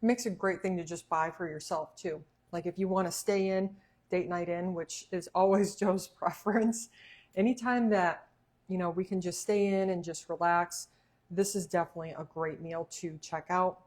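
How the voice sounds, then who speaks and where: A woman's voice: on the low side, fairly even intonation, normal speed, a little mellow. Chatty woman hosting a cooking livestream. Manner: chatty, laughs often, talks while eating. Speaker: cooking show host. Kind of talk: casual livestream chat.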